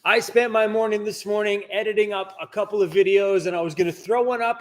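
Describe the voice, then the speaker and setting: A man's voice: high voice, fairly even intonation, a little fast, few pauses. A man hosting a casual live stream from inside his workshop, chatting and answering viewer comments. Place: indoor workshop.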